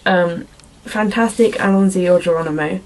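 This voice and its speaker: A woman's voice: on the low side, moderate pace, darkish tone, a little hiss or hum. A young woman chatting casually on her vlog, rambling and giggly, often laughing at herself. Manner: rambling and giggly, self-deprecating, with many fillers. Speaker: vlogger answering viewer questions. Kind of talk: casual chat.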